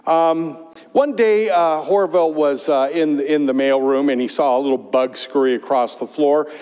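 A man preaching a sermon as pastor, telling a parable with lively emphasis. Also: a little high. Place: church sanctuary. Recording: long church reverb.

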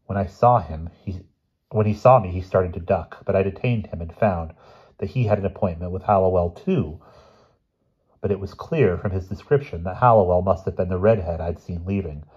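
On a dull, lo-fi recording, a man with a very low, husky voice narrates a short story as an audiobook reader, steady and calm.

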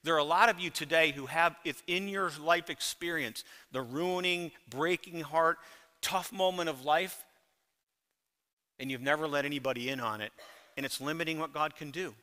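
A man's voice: a little high, normal speed, bright, forceful tone. A middle-aged man preaching a sermon to his congregation, earnest and emphatic, repeating key phrases. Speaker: pastor. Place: church sanctuary. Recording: long hall reverb.

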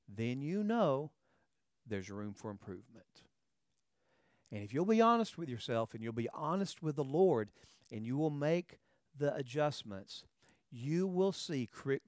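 A man's voice: mid-range voice, no echo, studio quality. A man preaching a sermon in a conversational way, often checking in with "all right" and "okay" and repeating words as he starts a phrase. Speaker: pastor.

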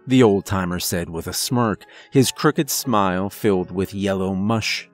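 A man narrates a first-person horror story in a measured, scripted way. His voice sits on the low side, and faint music runs under the narration.

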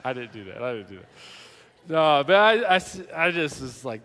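A middle-aged man from the American South, a pastor telling a personal story in a sermon and acting out quoted shouting. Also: mid-range voice, sing-song, a little fast. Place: church sanctuary. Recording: church hall reverb.

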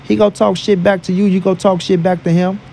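A man's voice: high-pitched, little pitch movement, fairly quick, gravelly, dark tone. A man from St. Louis giving casual boxing commentary as a vlogger, with emphatic, repetitive, profane trash talk. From St. Louis, USA.

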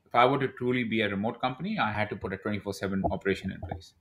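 Fast-talking animated male guest. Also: fairly low pitch, slight background noise. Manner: animated storyteller who acts out quoted dialogue. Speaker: podcast guest, e-commerce brand owner. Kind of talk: casual interview talk.

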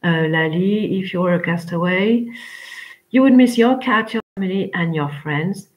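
A woman teaching an English class online, chatty and rambling, with frequent pauses as she talks to her students. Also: fairly low pitch, highs cut off.

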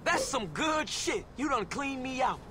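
A man voicing a pushy, jittery drug buyer in a video game, making hurried demands. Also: very high voice, very animated, bright, forceful tone, slight background noise, full character voice. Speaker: game character.

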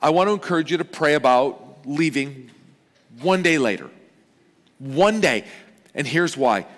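A man in his thirties preaching a sermon as pastor, chatty and joking, with lively swings in pitch and loudness. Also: measured pace. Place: large church auditorium. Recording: long hall reverb.

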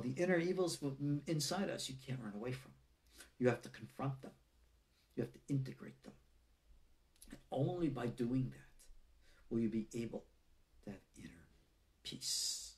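Gravelly, emphatic man lecturing. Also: medium pitch, a little mellow. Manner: earnest, emphatic, exhorting. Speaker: rabbi teaching an online class. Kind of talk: live-streamed lecture.

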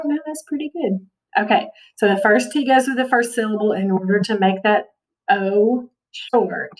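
A woman's voice: mid-range voice, darkish tone, far from the mic, poor audio. A woman teacher giving a recorded phonics lesson, patient and checking in with "okay" often.

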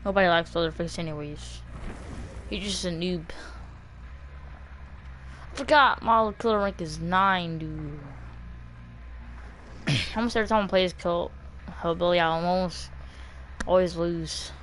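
A woman chats through a live game stream in an unhurried, drawn-out way. She is loud and crude, teasing people on the other end and laughing at her own jokes. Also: lowish voice, slight background noise, rough recording. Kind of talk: casual live-stream commentary.

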